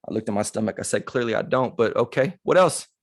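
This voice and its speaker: A man's voice: medium pitch, lively intonation, fast, dry recording. Casual storytelling man, dry close sound. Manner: casual, conversational, acts out dialogue in stories; humorous and candid. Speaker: motivational speaker. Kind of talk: motivational talk with personal stories.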